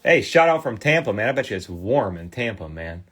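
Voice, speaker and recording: A man in his forties with a Midwestern accent hosts a casual livestream. He talks straight to his viewers in a lowish voice and often backs up and restarts his sentences. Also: big pitch swings, fairly quick, a bit bright, slightly rough. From Michigan, US Midwest. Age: 40s. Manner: chatty, talks to viewers with many fillers and restarts. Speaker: livestream host restoring trading cards.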